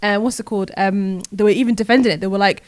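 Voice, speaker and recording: A young woman, co-hosting a casual podcast chat and talking in an animated, indignant way. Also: mid-range voice. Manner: animated, indignant, talks fast with restarts. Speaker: podcast co-host.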